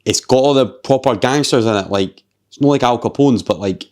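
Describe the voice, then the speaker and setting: Animated Scottish man telling a story. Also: mid-range voice, a little fast. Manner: animated storyteller, swears freely, heavy use of "like". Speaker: podcast host. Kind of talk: casual chat.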